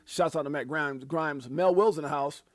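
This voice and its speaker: High-pitched guy hyping his livestream viewers, dry close sound, keeps shouting people out. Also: moderate pace, dry recording. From United States. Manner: hyped, preachy, shouting out viewers. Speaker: livestream host. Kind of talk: casual livestream chat.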